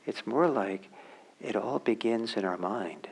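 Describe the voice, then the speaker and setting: A man giving a dharma talk as a meditation teacher. He speaks reflectively and haltingly, with many fillers and restarts, and drops to a soft near-whisper on key words. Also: lowish voice, animated, vocal fry, husky, poor audio. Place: meditation center hall.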